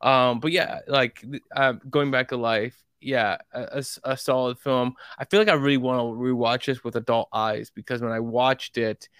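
A man's voice: mid-range voice, normal speed, few pauses, clean tone, no room sound, studio quality. Rambling, laughing man chatting about films. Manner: rambling, animated, lots of fillers and laughs. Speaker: podcast co-host. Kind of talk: casual movie discussion.

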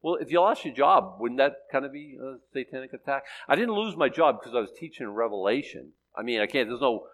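A man's voice: medium pitch, expressive, brisk, few pauses, poor audio. An older man teaching the Bible, reading scripture solemnly and then telling a story with many restarts. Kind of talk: sermon and storytelling.

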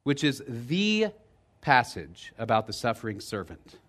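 A man preaching a sermon as pastor, telling a story with lively energy, dropping low and quiet for emphasis and rising loud in the retelling. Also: measured pace. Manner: lively storytelling, checks in with "right?".

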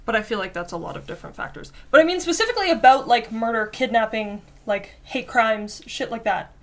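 Brief: young woman, podcast guest, rambling filler-heavy talk, casual swearing, slightly high voice. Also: expressive, brisk. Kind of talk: casual chat.

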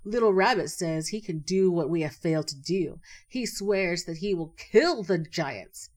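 Loud, mocking male chief, voiced by a woman narrator, storybook reading. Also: lowish voice, animated, measured pace. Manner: scornful, mocking.

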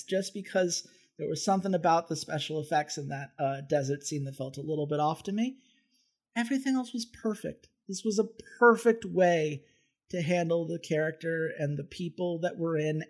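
A man co-hosting a film podcast, chatting casually and enthusiastically, rambling with restarts. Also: sits high. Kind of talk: casual film review chat.

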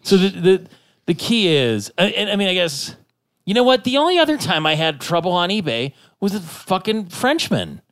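A man's voice: sits high, big pitch swings, moderate pace, fairly bright tone, no room sound, clean studio sound. A man casually telling rambling, profane anecdotes as a podcast co-host, full of restarts. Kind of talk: casual storytelling chat.

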